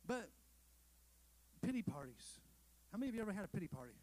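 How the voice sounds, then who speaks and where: A man's voice: sits high, big pitch swings, fast, a little mellow, low-quality recording. A male pastor preaching a sermon in a conversational way, with rhetorical questions, asides and self-deprecating jokes to the congregation.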